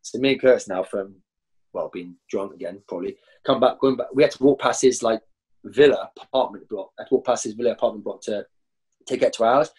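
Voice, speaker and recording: A man, a former professional footballer, telling rowdy stories as a guest and jumping high in pitch when he acts out other people. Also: brisk, husky. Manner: animated, jumps high when acting out others. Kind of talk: anecdotal storytelling.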